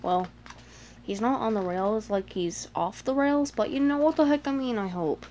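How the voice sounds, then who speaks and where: A woman's voice: a little high, normal speed, a little mellow, a little hiss or hum. Chatty young-sounding woman flipping a book. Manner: chatty, lots of "like", gasps and little voices. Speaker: fan showing a picture book. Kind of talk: casual book flip-through commentary.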